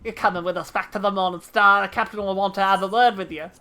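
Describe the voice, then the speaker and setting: A woman voicing a boisterous old male pirate sailor who talks in rough sailor dialect. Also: mid-range voice, fairly even intonation, fast talker, sharp tone, natural voice. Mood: hearty.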